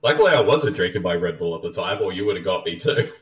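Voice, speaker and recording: Laughing low-voiced man in a roomy room. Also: animated, quick pace. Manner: chatty, laughs often, trails off with um and uh. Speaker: podcast host. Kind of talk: casual movie commentary. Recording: roomy, distant mic with faint music.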